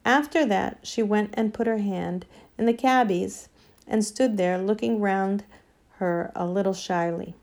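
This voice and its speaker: A woman reading a storybook aloud in scripted narration. Her delivery is measured and gentle, at a middling pitch. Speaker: audiobook narrator.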